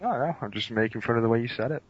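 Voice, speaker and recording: A man's voice: mid-range voice, rapid-fire, husky. A man co-hosting a podcast, chatting casually in a skeptical, teasing way. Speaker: podcast co-host. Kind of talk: casual chat. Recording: dry, dull lo-fi sound.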